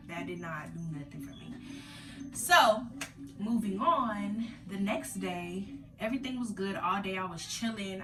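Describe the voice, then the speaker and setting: A young woman vlogger telling her story in casual slang, animated, acting out her own past cries. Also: medium pitch, roomy sound, distant mic, noisy background.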